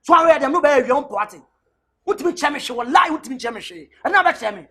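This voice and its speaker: High, bright, shouting man. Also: lively intonation, fast talker. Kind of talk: comedy drama scene.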